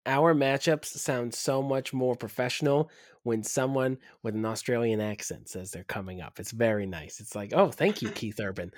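A man's voice: medium pitch, steady tone, normal speed, no room sound. A man co-hosting a casual podcast, joking and teasing, laughing a lot.

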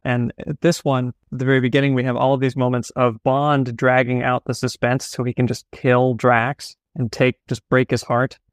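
A man's voice: mid-range voice, normal speed, hardly any pauses, no room sound, clean studio sound. A man co-hosting a podcast, animatedly breaking down a novel's structure in casual talk. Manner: animated, analytical, laughs along. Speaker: podcast co-host. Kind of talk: casual book discussion.

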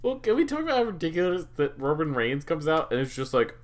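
A man's voice: fairly high pitch, expressive, fast, hardly any pauses. A man co-hosting a casual wrestling chat, laid-back and agreeable, chuckling often. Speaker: podcast co-host.

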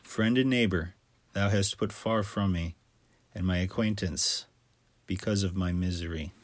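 Male scripture reader, solemn and measured; low voice, close dry sound. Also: dry recording. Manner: measured, steady reading cadence.

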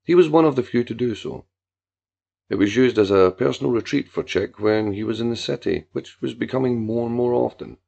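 A man narrating a story in a steady, measured way. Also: mid-range voice, gravelly. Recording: dull lo-fi recording.

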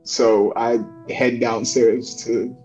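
A man playing a tabletop game, describing his character's actions in a measured way. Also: mid-range voice, level tone, a little mellow, dull audio, soft background music. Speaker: player. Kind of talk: casual tabletop game play.

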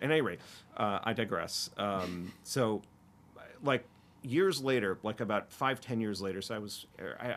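A man's voice: low-pitched, fairly bright tone, slight background noise. A man in his fifties chatting casually, telling long rambling stories full of fillers and restarts. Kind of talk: casual chat.

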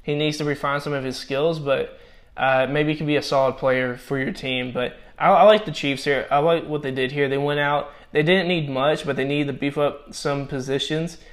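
A man with a voice on the high side and fairly even intonation gives casual commentary and grades on football draft picks. He's losing his voice, so he speaks haltingly and restarts a lot.

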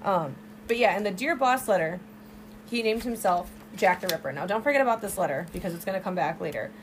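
Young woman, podcast co-host, casual true-crime chat, animated storytelling, faint background hiss. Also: medium pitch, fast. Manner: animated storytelling with swearing and asides.

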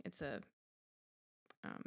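A young woman hosting a casual podcast chat, rambling with lots of fillers and teasing her co-host. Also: slow.

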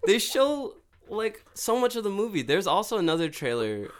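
A man's voice: high-pitched, moderate pace. Easygoing young man co-hosting. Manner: relaxed, laughs along, chimes in. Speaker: podcast co-host. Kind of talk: casual chat.

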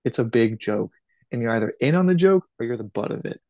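A man's voice: mid-range voice, expressive, fast, darkish tone, no room sound, natural voice. A man voicing a teasing male god who calls the universe a joke, in a retold podcast anecdote. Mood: amused.

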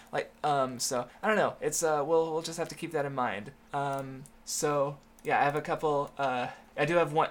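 A man co-hosting a casual chat, rambling and halting with many fillers and restarts, swearing casually. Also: on the high side, a bit bright. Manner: swears casually, laughs often. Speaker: podcast co-host.

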